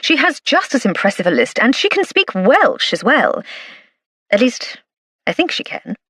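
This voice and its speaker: Lady doing a posh dry-humored edwardian lady, deadpan jokes, a bit husky. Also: a little high, normal speed, no room sound, full character voice. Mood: wry. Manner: dry, wry understatement. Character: witty, composed aristocratic Edwardian lady.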